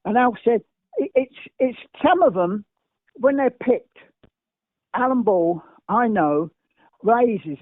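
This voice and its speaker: A man's voice: very high voice, sing-song, unhurried, dry recording. An older man from England, a guest telling emphatic, repetitive, rambling stories. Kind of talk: anecdotal interview storytelling. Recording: dry, tinny phone-like sound.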